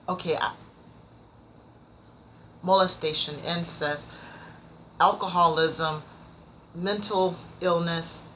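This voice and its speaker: A woman reviewing books in a casual vlog, nervous and rambling, stumbling over her words but excited and passionate. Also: fairly low pitch, drawn-out words, pauses often, slight background noise, rough recording. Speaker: book vlogger. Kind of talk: casual book review chat.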